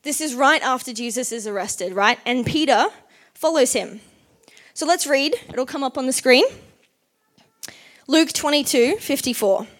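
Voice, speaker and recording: A woman preacher gives a casual, chatty sermon, saying "like" often and acting out the people in the story as she retells it. Her voice sits high with a fairly bright tone, and she speaks unhurriedly with long pauses.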